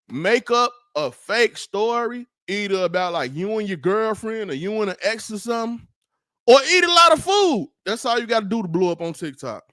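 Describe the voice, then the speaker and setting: High-pitched dude going off on his livestream, slangy and rambling, dry close sound. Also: no room sound. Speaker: livestream host. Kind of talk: casual livestream rant.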